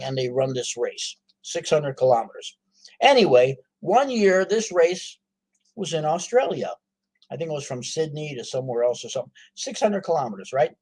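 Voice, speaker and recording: A man telling a story in a folksy, animated way, full of asides to his listeners. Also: fairly high pitch, brisk. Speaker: author. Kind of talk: storytelling to a live audience.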